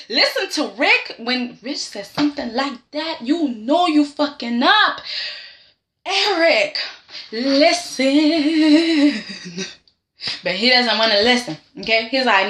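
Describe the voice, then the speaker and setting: A young woman recapping a soap opera in a casual, sassy and animated way, acting out the characters' lines. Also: high-pitched, slow pace, roomy sound.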